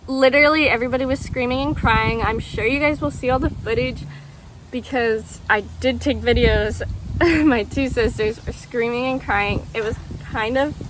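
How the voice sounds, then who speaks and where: A woman's voice: fairly high pitch, normal speed. A young woman vlogger telling a story casually, rambling with lots of ums and acted-out quotes. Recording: faint background noise.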